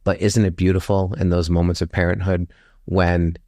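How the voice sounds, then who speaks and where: A low-voiced man in his fifties tells a personal story with animated flair. He acts out the people he quotes by jumping up in pitch, then settles back into reflective commentary. The sound is close and dry. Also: moderate pace, no room sound. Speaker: storytelling guest. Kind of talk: telling a personal story in an interview.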